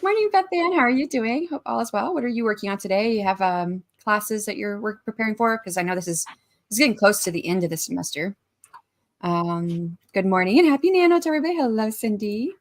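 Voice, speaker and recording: A woman's voice: medium pitch, brisk. A woman in her forties hosting a casual writing livestream, chatting, greeting viewers by name and reading out their messages. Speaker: livestream host.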